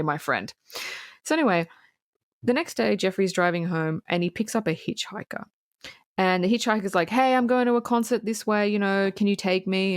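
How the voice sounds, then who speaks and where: A woman's voice: on the low side, no echo, clean studio sound. A woman co-hosting a podcast, recapping a series in a chatty, blunt way with free swearing. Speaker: podcast co-host. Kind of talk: casual true-crime recap.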